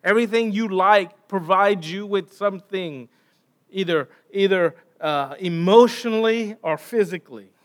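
A man's voice: high-pitched, measured pace. A man preaching a sermon, retelling a Bible story and posing rhetorical questions to his listeners.

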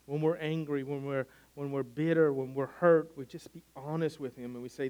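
A man's voice: fairly high pitch, fairly even intonation, moderate pace, few pauses, a little mellow. A man preaching a sermon in an earnest, conversational way, often restarting his phrases. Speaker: pastor.

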